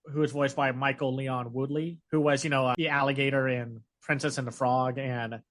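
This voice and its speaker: A man co-hosting a podcast in casual chat, talking in an animated way with many fillers. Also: medium pitch, moderate pace. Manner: chatty, animated, lots of fillers. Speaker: podcast co-host.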